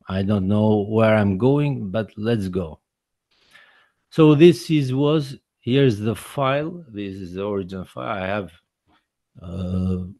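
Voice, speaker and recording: A man who makes documentaries, giving a personal account in a presentation in halting, non-native English full of restarts and repeated words. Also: fairly low pitch, mellow, dry recording. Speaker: documentary filmmaker presenting his work.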